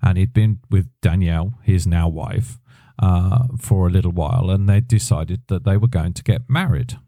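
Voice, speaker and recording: A middle-aged man, a drummer who hosts a podcast, tells a rambling personal story in a low, dark voice at normal speed. The recording is dry and clean, studio quality, and he chats casually, correcting himself often.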